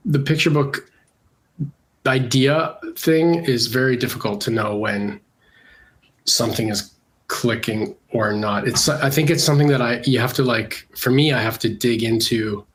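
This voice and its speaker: A middle-aged man from Canada, an illustrator with a cold, talking casually in an interview, relaxed and hesitant with many fillers. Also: mid-range voice, measured pace. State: congested from a cold. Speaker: illustrator guest.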